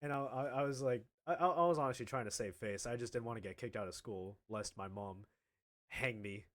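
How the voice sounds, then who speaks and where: A man's voice: medium pitch, fairly quick, fairly bright tone. A man in his twenties telling a casual storytime anecdote, laughing often and stammering through restarts.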